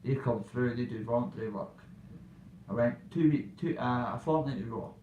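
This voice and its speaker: A man's voice: medium pitch, normal speed, roomy sound, distant mic, lo-fi sound, a little hiss or hum. A man from Dundee with a Dundee Scottish accent, telling a rambling story in a casual vlog, full of fillers and asides. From Dundee, Scotland. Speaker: recovery vlogger.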